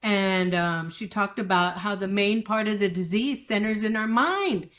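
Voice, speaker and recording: A woman with a mid-range, fairly bright voice speaks at a measured pace. She is a guest sharing her recovery story in candid, emotional personal testimony, acting out the voices of the people she quotes.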